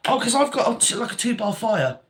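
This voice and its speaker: Older grandmother hosting a live chat; higher-pitched and animated, a chatty, fond way with viewers. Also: brisk. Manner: chatty, calls viewers darling and sweetheart. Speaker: livestream host reading viewer comments.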